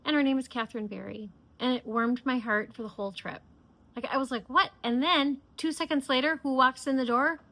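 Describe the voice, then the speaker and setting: A woman's voice: high-pitched, steady tone, fairly quick, a bit bright. A middle-aged woman hosting a knitting podcast, chatting casually and enthusiastically with many fillers and restarts. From United States. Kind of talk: casual chat.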